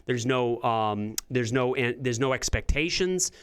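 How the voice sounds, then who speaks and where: A comedian guest on a talk show, telling stories in a rambling, self-interrupting way. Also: male voice, mid-range voice, a little slow, smooth. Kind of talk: casual storytelling chat.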